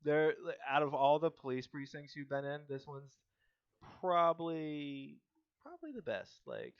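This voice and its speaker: A man's voice: fairly high pitch, sing-song, unhurried, smooth. A man narrating a tabletop role-play as game master, casual and rambling with lots of fillers. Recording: dull lo-fi stream audio.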